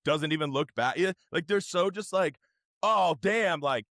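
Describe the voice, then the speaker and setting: A man co-hosting a casual podcast chat, rambling and acting out quotes in loud, high voices. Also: measured pace, no room sound, clean studio sound. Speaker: podcast co-host.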